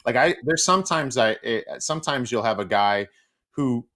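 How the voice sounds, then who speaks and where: Animated storytelling man, hockey analyst. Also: normal speed. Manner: animated, acts out quotes with big pitch jumps. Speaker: guest, hockey analyst and former player. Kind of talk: casual interview storytelling.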